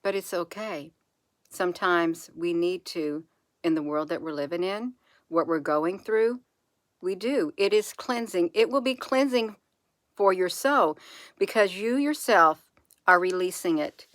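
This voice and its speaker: A woman speaking softly and reassuringly to her viewers, repeating phrases slowly in an encouraging spiritual monologue. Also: lowish voice, no room sound. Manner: soft, repetitive, reassuring, with slow drawn-out phrases. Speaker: channel host.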